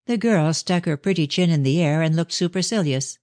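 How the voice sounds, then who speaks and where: A woman narrating a classic mystery novel in a measured, even storytelling manner. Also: sits low, no room sound, clean studio sound. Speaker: audiobook narrator.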